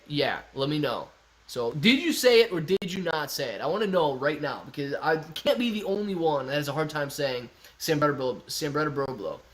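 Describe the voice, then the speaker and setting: A man's voice: on the high side, fairly bright tone. A man hosting a casual livestream, playfully reading chat messages aloud and stumbling through tongue twisters. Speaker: livestream host.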